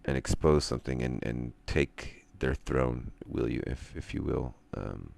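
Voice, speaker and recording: A man streaming, talking in a rambling monologue and ranting with drawn-out pauses. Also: darkish tone. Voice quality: very deep gravelly voice.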